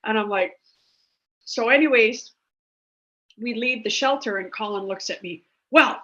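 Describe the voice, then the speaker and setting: A woman's voice: fairly high pitch, unhurried, a bit bright. A woman, telling a rambling story about rescuing dogs in a chatty, casual way with many fillers. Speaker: dog rescue founder, guest. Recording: dull lo-fi sound.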